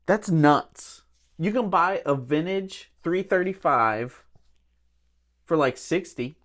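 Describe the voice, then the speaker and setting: A man co-hosting a casual guitar chat show, joking and teasing with quick reactions. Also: a little high, animated, fairly bright tone. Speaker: co-host.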